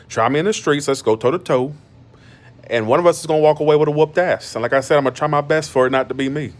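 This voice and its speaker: Man, 30s, from Georgia, casual and blunt streamer, mid-pitched. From Georgia, USA. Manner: blunt, animated and defensive, with many restarts. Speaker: YouTuber. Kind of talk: casual monologue on a live stream. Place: in bed at home.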